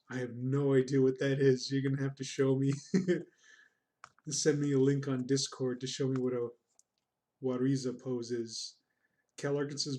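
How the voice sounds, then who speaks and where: A man's voice: mid-range voice, fairly even intonation, a little slow, warm tone. A man streaming his drawing, chatting casually, reading out chat comments in a rambling, self-deprecating, goofy way.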